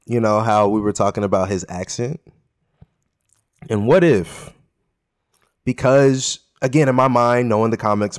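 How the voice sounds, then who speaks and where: A man's voice: fairly low pitch, darkish tone. A man co-hosting a podcast, thinking aloud in a casual, easygoing way and often repeating words. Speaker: podcast co-host. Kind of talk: casual discussion of a TV episode.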